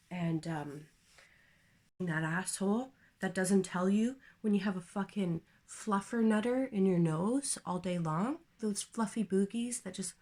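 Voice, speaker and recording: A woman ranting on her vlog in a crude, profane, candid way, with jumps to loud outbursts and whispered asides. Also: on the low side. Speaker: vlogger. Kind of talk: casual comedic rant.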